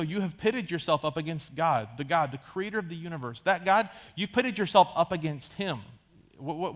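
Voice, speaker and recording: A man in his thirties preaching a sermon as a pastor, conversational, acting out Bible characters in casual asides. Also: a little high. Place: church sanctuary.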